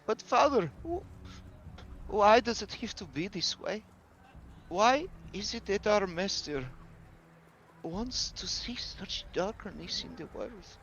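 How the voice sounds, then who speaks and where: A frightened young girl with second sight pleads in a high, tearful voice, as a man puts her on. She is a character in a tabletop game. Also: slow pace, long pauses, fairly bright tone, muffled recording, slight background noise, heavily acted. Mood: pleading.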